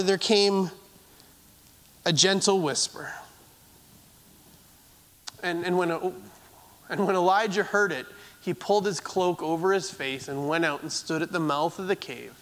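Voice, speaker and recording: Male preacher, high and unhurried, halting delivery, long echoing hall. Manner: earnest, halting with repeated words, trailing off softly at phrase ends. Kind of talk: sermon.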